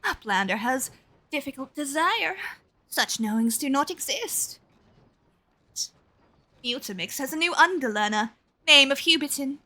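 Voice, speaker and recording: A woman's voice: high-pitched, sharp tone, full character voice. Woman reading as an odd-spoken goblin sage. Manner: speaks in broken, odd grammar. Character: small male goblin scholar, broken speech.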